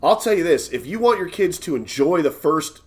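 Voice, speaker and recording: A man's voice: a little high, lively intonation, fairly quick. A man co-hosting a podcast, telling a long childhood story in loose, rambling casual chat and swearing along the way. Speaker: podcast co-host.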